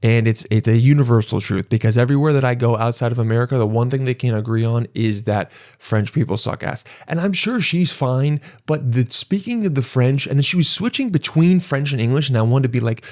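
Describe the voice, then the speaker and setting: A young man hosting a podcast, telling a comic story in a rambling, exasperated way and jumping into animated voices. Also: medium pitch, moderate pace, no echo, clean studio sound. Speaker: podcast host. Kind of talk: comedic storytelling monologue.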